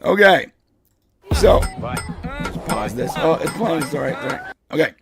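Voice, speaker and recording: A hoarse man hosting a casual live podcast, leading the topics with excited chatter. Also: on the high side, moderate pace, over music. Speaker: podcast host.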